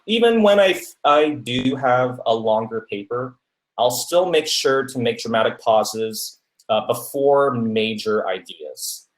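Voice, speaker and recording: Male podcast host, mid-pitch, chatty advice delivery, recorded with a roomy echo. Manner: many fillers and restarts, asks "right?" often. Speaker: podcast host giving speaking tips. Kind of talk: casual advice talk.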